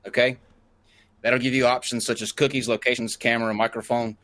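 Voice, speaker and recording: A man's voice: mid-range voice, little pitch movement, fairly quick, fairly bright tone, dry recording. A man hosting a live online show, giving step-by-step instructions and joking along the way. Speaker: host.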